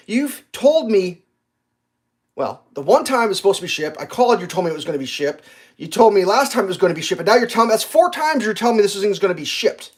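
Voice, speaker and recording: A man's voice: a little high, animated, quick pace, slightly rough. Profane exasperated male livestreamer. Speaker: live streamer. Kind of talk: casual livestream rant.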